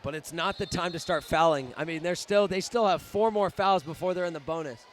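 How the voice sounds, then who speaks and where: A young man doing live play-by-play for a high school basketball game, often shouting in outrage at the referees. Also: a little fast, a little hiss or hum. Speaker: student play-by-play commentator.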